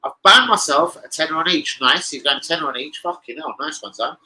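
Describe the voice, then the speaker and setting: Man, bright tense voice, casual vlog chat, sweary, rambling, excitable. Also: a little high, brisk, slight background noise, low-quality recording. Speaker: football betting vlogger.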